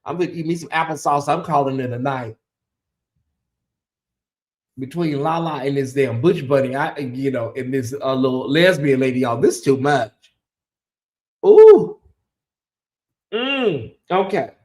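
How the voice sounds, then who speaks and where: A man's voice: mid-range voice, normal speed. A man hosting a gossip show in casual commentary, sassy and chatty, calling his viewers y'all and honey. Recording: echoey room.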